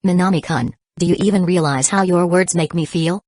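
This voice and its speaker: A woman voicing a playful, teasing teenage girl with a weak heart, soft and a little breathless. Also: on the low side, brisk, lightly acted.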